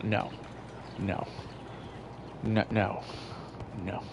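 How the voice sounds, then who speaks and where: A man's voice: lowish voice, level tone, drawn-out words, vocal fry, background noise. A man casually commenting over a video game, ranting in an incredulous, profane way. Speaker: gamer streamer.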